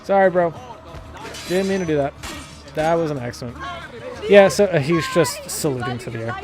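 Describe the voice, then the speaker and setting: A man's voice: a little high, normal speed, over music, a crowd in the background. A young man giving casual, profane, rambling commentary as he plays a video game, laughing often. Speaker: gameplay commentator. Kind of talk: casual let's-play commentary.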